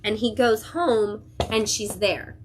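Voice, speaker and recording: A woman's voice: mid-range voice, takes it slowly. A young woman hosts a casual livestream from a comic shop, reviewing new releases. She talks in a chatty, gushing way, full of ums and likes. A faint background hum sits under her voice. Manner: enthusiastic, gushing, chatty with many fillers.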